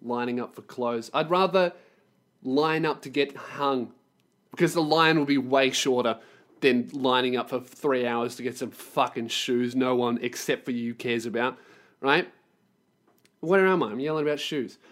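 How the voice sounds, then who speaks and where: A man's voice: mid-range voice, moderate pace, fairly bright tone. Profane ranting man. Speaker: podcast host and touring performer. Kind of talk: storytelling rant.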